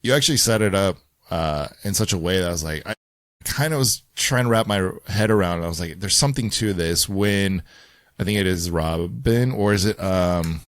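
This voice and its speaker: Deep-voiced man, dry close sound. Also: moderate pace, no echo. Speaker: podcast co-host. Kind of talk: casual film discussion.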